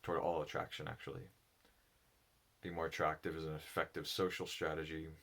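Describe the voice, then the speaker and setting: Low, slow, reflective man. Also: level tone, a bit bright. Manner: halting, thoughtful, with pauses and restarts. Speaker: solo speaker on personality psychology.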